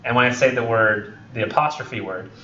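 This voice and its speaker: A man's voice: medium pitch, moderate pace, pushed and bright, a little hiss or hum. A young man with a drawl lectures a college class, wandering off on tangents and correcting himself as he goes. His mid-range voice carries across a roomy classroom, picked up from a distance. The recording sounds dull and lo-fi. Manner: rambling, joking, many ums and self-corrections. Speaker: college English instructor.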